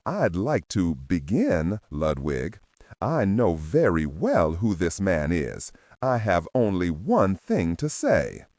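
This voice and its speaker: A man's voice: deep voice, huge pitch swings, takes it slowly, a little mellow, no echo, clean studio sound, heavily acted. A man reading a prim small-town matron. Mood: stern then charmed.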